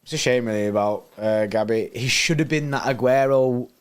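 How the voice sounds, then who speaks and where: A man's voice: mid-range voice, moderate pace, clean tone. A young man, co-hosting a football watchalong, blunt and slangy, swearing freely. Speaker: watchalong co-host. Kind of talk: casual football watchalong chat.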